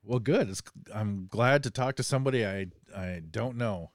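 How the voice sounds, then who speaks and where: A man's voice: fairly low pitch, moderate pace, no echo. Dry-voiced joking male podcast host. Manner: joking, rambling, self-deprecating. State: a bit under the weather. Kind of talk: casual podcast chat.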